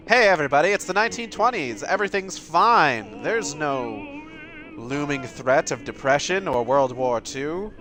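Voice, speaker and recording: A young man giving casual, sarcastic gameplay commentary, joking and swearing as he plays. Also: on the high side. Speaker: let's play gamer.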